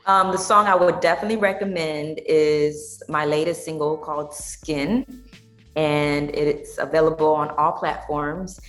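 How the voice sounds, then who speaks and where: A woman's voice: low-pitched, steady tone, measured pace, a bit bright, echoey room, soft background music. A young adult woman, a podcast guest, telling her story in a heartfelt, emotional way. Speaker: guest, singer and tea business owner. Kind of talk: candid podcast conversation.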